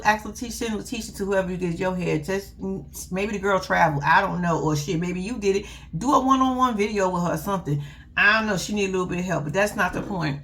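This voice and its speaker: A woman's voice: medium pitch, fairly bright tone. A young woman, giving a blunt, sassy, profane casual recap with laughing asides. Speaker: reality TV recap host.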